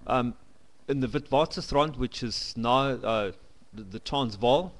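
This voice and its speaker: A South African man giving a blunt, opinionated to-camera monologue into a home camcorder, halting as he goes. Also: medium pitch. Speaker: vlogger.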